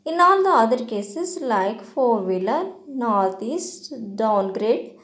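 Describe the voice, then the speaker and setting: Slow, careful woman teaching a lesson. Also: a little high, lively intonation. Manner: slow, deliberate explaining with hesitant fillers. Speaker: English teacher. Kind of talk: slide-based grammar lesson.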